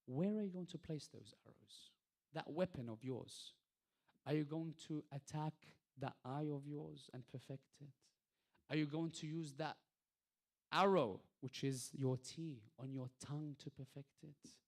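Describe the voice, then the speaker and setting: A male lecturer delivering a religious talk, posing rhetorical questions and swinging between soft passages and emphatic peaks. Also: a little high, unhurried, creaky. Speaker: lecturer at an Islamic centre.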